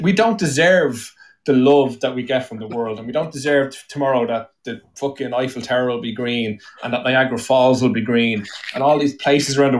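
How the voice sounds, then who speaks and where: An Irish man chatting casually on a podcast, swearing freely, laughing often and getting loud and excited. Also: medium pitch, distant mic. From Ireland. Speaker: guest.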